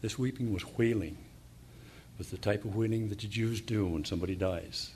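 Low-ish guy preaching, lots of uh and restarts, gets fired up, faint hiss behind. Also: a little mellow. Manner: halting, many fillers and restarts, rising to fervent emphasis. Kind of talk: sermon with Bible reading.

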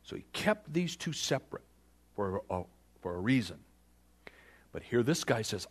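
A man preaching a sermon, retelling a scripture story with animated storytelling and questions put to the listeners. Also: fairly low pitch, normal speed, long pauses, slightly rough. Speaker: pastor.

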